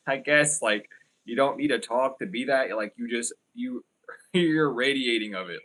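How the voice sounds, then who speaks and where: Male tarot reader for a live stream, mid-pitched, loose and rambling, blunt, filler-heavy delivery. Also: a little slow, a bit bright. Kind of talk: casual livestream tarot reading.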